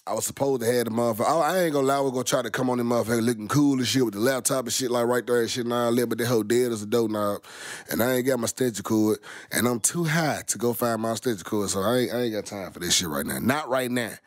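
A middle-aged man rants loosely at his viewers, swearing and rambling in thick slang. His voice sits at an ordinary pitch and sounds dry and close, with no room echo. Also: rapid-fire. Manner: profane, rambling, heavy slang. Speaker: vlogger. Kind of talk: casual rant to viewers.

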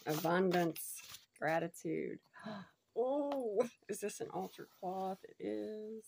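A woman, chatting casually and gushing excitedly as she unboxes a gift, laughing often. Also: medium pitch, unhurried, vocal fry, slight background noise. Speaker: unboxing vlogger.

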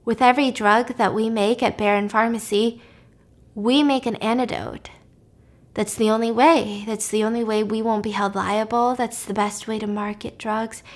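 A woman with a fairly high voice retells a thriller plot in a casual, chatty recap. She is lively and animated, and she sinks into hushed whispers at the tense moments. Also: normal speed. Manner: animated, drops to whispers for suspense. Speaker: podcast host.

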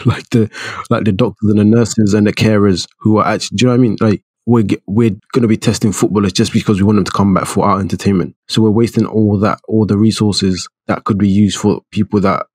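A man co-hosting a casual podcast chat, animated, laughing often and restarting his sentences. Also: on the low side, fast talker, slightly rough, dry recording, studio quality. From United Kingdom. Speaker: podcast co-host.

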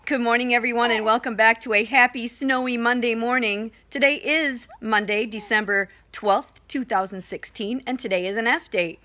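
A woman's voice: on the high side, fairly even intonation, moderate pace, hardly any pauses, sharp tone. An older woman giving cheerful, teacherly morning announcements to a school from her home.

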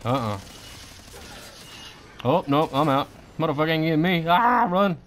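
A man's voice: on the high side, big pitch swings, normal speed, a bit bright. A man giving live gameplay commentary, swearing and trash-talking as he reacts to the match. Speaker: gaming commentator.

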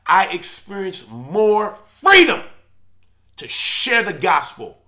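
A man preaching with a high-pitched, bright and forceful voice. He talks with great passion and hammers home his points by repeating phrases. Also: sing-song, takes it slowly. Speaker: church elder. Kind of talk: impassioned preaching monologue.

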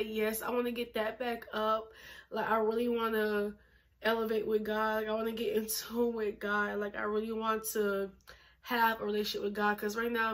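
A chatty young woman in her twenties vlogging straight to camera, her voice sitting a touch high. She talks casually and emphatically, leaning on fillers, and is a little short of breath from pregnancy. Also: a bit bright. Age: 20s. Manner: chatty, emphatic, uses lots of fillers and laughs.

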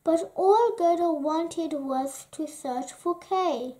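A woman reads a children's story aloud, slow and deliberate. Her voice is high and her pace unhurried, giving each word its own space. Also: warm tone. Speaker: storybook reader.

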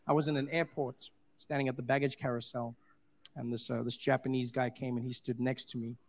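A man performing stand-up storytelling, self-mocking and animated, often laughing through his lines. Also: mid-range voice, brisk, vocal fry. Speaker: stand-up comedian. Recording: noisy stand-up recording.

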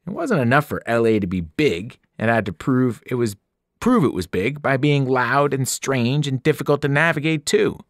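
A man narrating a novel aloud with expressive storytelling, his pitch rising and falling widely. The sound is dry and close, with no room around it. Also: moderate pace, no echo. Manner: expressive first-person narration with character voices. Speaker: teacher reading aloud. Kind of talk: audiobook narration.

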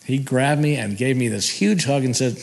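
A man's voice: mid-range voice, normal speed, vocal fry. Guy just rambling thru old stories, chuckles a lot, kinda all over the place. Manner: rambling, laughing, restarts. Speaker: storyteller. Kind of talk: casual spoken recollection.

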